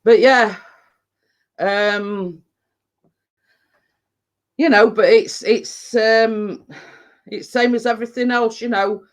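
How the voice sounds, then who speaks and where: A woman's voice: on the high side, steady tone, takes it slowly, long pauses. A woman with an English accent chatting on a live stream as a baking vlogger, blunt and rambling, full of fillers and "you know what I mean". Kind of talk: casual live-stream chat.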